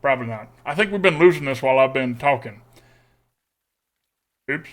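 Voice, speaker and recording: A man's voice: medium pitch, animated, normal speed. A man streaming a card game, talking in a put-on folksy country twang and cracking self-deprecating jokes. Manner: joking, self-deprecating asides.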